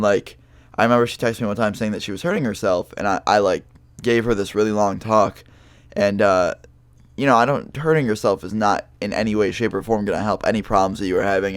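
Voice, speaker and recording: A man's voice: fairly low pitch, fairly even intonation, fast talker, no room sound. A young man telling a personal story in a casual, rambling monologue, full of fillers and the odd swear word.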